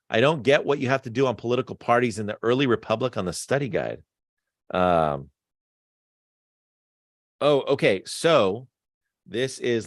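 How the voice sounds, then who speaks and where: A male history teacher giving a casual online quiz review, chatty and animated, with lots of fillers and asides. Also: on the low side, dry recording, clean studio sound.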